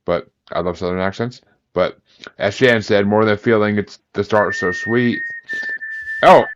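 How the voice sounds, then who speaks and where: Low-voiced, rambling, profane male host. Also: normal speed, dull audio. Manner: rambling and profane, joking around. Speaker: podcast host. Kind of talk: casual chat.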